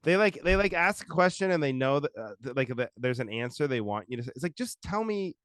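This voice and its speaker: A man's voice: medium pitch, lively intonation, fairly quick, fairly bright tone, smooth, no echo, clean studio sound. A man co-hosting a podcast, a comedian telling wry, exasperated stories in casual chat.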